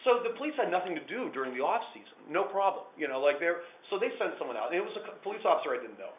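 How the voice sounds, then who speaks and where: A man telling a true story to a small group of listeners, animated, swinging between hushed and loud. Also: a little high, racing, a little hiss or hum. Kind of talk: live personal storytelling to listeners. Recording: echoey room over a tinny phone-like line.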